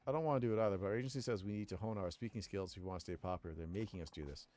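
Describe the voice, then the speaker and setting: A man's voice: lowish voice, rapid-fire, a little mellow, lightly acted. A man voicing a polite, timid male punk band singer in a game, talking earnestly and apologetically. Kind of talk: reading game dialogue aloud.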